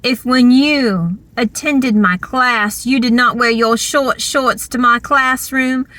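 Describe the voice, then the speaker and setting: A woman putting on a strict schoolteacher who chooses every word with care, prim and proper. The voice sits a touch high and sounds bright. The pace is slow and deliberate. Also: no room sound. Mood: stern. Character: stern, formal female high school teacher.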